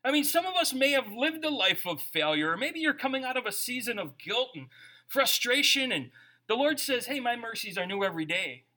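A man preaching a sermon as pastor, conversational and animated, asking his listeners questions. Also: very high-pitched, moderate pace.

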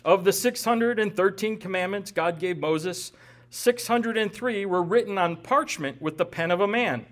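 A man with a rather high voice teaches through a scripture passage verse by verse. He lectures with firm emphasis and now and then drops a dry, joking aside. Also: moderate pace, a bit bright. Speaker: Bible teacher.

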